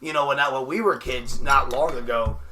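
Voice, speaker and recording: A man with a bright, forward voice co-hosts a casual comedy podcast. He riffs on crude bits and slips into silly quoted voices. He speaks into a podcast microphone. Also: medium pitch, fairly quick, recorded from a distance, a little hiss or hum. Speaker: podcast co-host.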